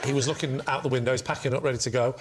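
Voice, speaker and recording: A man telling a comic anecdote on a television panel show, with quick jokey asides. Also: mid-range voice, steady tone, heavy background noise. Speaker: panel show team captain. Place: TV studio. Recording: loud studio audience laughter.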